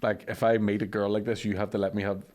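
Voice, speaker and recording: A man's voice: fairly low pitch, little pitch movement, quick pace, darkish tone. A man, a podcast co-host trading crude jokes in casual chat. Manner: joking, crude banter.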